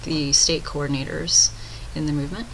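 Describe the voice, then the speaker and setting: Woman, low-ish voice, brisk meeting chair on voice chat, faint hiss. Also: fairly even intonation, poor audio. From United States. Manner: brisk, businesslike, calls on each person in turn. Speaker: meeting coordinator running roll call. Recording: voice chat with faint background noise.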